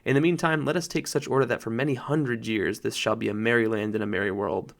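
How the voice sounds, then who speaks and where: A man voicing a great lion who speaks slowly, low and deep, with solemn kingly gravity, in an audiobook. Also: steady tone, gravelly, natural voice. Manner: slow, grave, low and deep. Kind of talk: audiobook narration.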